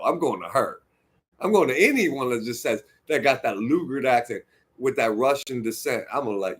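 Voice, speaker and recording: A man's voice: medium pitch, expressive, normal speed, husky. A man streaming an unscripted rant to camera, heated and profane, rambling and restarting his sentences as he gets worked up. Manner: restarts and repeats himself when worked up.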